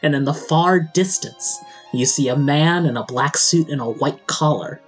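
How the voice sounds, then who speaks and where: A man's voice: a little high, measured pace, faint music behind. A man from the American Midwest narrating as game master, often laughing through his descriptions.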